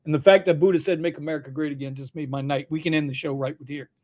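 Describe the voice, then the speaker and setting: A man's voice: fairly high pitch, quick pace, a little mellow. Jokey man hosting a live show. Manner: loose and jokey, lots of "bro" and laughter. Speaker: host. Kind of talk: casual livestream chat.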